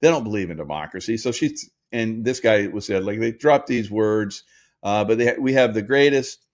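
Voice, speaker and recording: Rambling man in his sixties, low voice. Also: normal speed. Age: 60s. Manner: rambling, many fillers and restarts. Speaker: host. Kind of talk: casual political commentary monologue.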